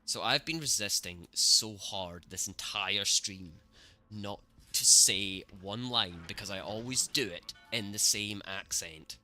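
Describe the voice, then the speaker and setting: A man streaming gameplay, reacting excitably to the match and talking to his chat, cursing at the game. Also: lowish voice, takes it slowly, faint music behind. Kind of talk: live gameplay commentary.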